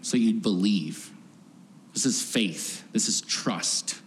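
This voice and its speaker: A man's voice: on the low side, slow. A man giving a conversational sermon, often laughing and acting out voices from the story. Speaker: preacher. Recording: faint background noise, long hall reverb.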